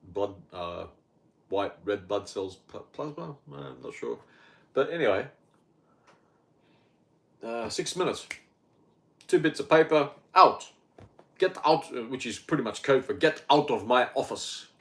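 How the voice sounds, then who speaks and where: A blunt, sardonic Australian man in his fifties with an Australian accent, rambling through a casual monologue. His voice sits at a middle pitch for a man. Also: animated, unhurried, creaky, long pauses, a bit bright. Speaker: health podcaster.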